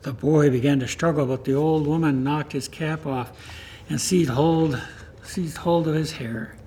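A man reads a story aloud for a church service in a steady, plain way. His voice sits somewhat high for a man. A faint hiss of noise runs beneath. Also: unhurried.

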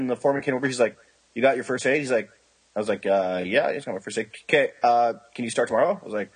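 A man's voice: mid-range voice, racing, husky, low-quality recording. A man in his twenties telling rambling, profane stories as a podcast co-host, acting out the voices of people he quotes. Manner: rambling storytelling, heavy swearing, acts out quoted voices. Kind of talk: casual chat.

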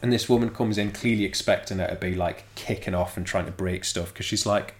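Lively young Englishman retelling a story. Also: sits low, normal speed, few pauses. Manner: animated storytelling, acts out quotes. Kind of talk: casual book discussion.

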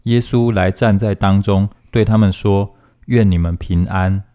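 A man reading Bible passages aloud in a steady, formal manner, phrase by phrase. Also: fairly low pitch, a little slow. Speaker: scripture reader.

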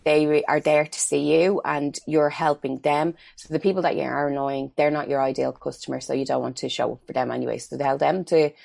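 A woman's voice: low voice, fairly even intonation, a little fast, creaky, few pauses, darkish tone, no echo. A middle-aged Irish woman, a makeup artist, chatting as an interview guest and telling stories with acted-out quotes. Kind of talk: casual interview chat.

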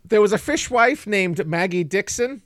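A man's voice: sits high, expressive, moderate pace, dry recording, clean studio sound. A man co-hosting a comedy podcast in casual chat, laughing often and playing quizmaster. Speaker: podcast co-host.

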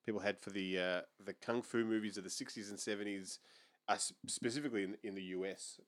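A man's voice: on the low side, steady tone, fast talker, fairly bright tone. A man co-hosting a movie podcast, rambling with lots of restarts and laughter. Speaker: podcast co-host. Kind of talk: casual movie podcast chat.

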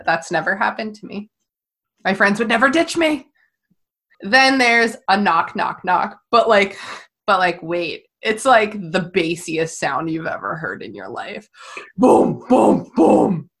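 A woman's voice: mid-range voice, lively intonation, a little slow, fairly bright tone. Chatty giggly woman podcaster. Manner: chatty, laughs often, swears casually. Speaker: podcast co-host. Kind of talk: casual chat about a film.

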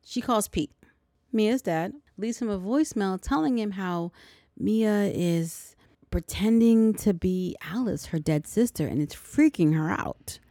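A woman's voice: mid-range voice, measured pace, warm tone, dry recording, clean studio sound. A woman hosting a podcast, recapping a movie in a chatty way with sarcastic asides. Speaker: podcast host.

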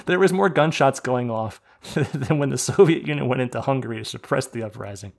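A man from the United States telling an animated, profane rant on a casual podcast. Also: medium pitch, moderate pace, gravelly. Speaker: podcast host. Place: podcast studio.

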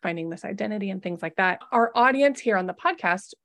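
A woman's voice: medium pitch, animated, fast, fairly bright tone. A woman podcast host and former labor and delivery nurse, chatting casually with a guest.

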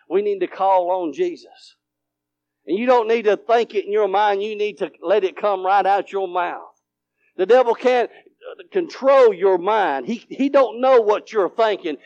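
High-voiced fervent preacher man. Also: no room sound. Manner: rising to fervent shouts, then dropping to near whispers. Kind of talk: sermon.

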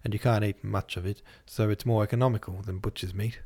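A man's voice: lowish voice, fairly even intonation, fast, darkish tone. A man voicing a weary, humble young working-class woman who speaks plainly and self-effacingly.

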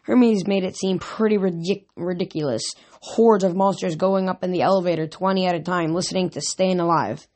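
A reader reading a novel aloud, halting and restarting often. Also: mid-range voice, steady tone, a little mellow.

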